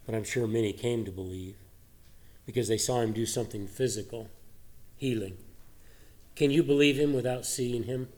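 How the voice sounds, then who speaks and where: Earnest male preacher, mid-pitched voice. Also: normal speed, pauses often. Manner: earnest preaching, rising for emphasis, dropping soft for reflection. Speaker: pastor. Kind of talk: sermon.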